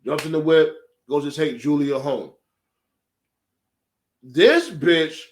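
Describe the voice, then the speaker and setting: Guy recapping a show, slangy and cussing a lot, voice on the higher side, real animated. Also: takes it slowly, pauses often. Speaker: show reviewer. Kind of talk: casual story recap.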